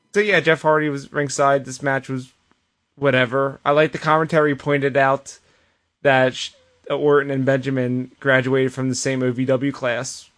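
A man's voice: mid-range voice, flat delivery, a little slow, a bit bright. A man co-hosting a podcast, recapping wrestling shows in casual chat and storytelling with quoted asides and frequent restarts. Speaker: podcast co-host.

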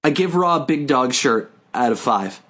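Male podcaster doing a low, gruff, swaggering big-dog mascot voice. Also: animated, normal speed, a bit bright.

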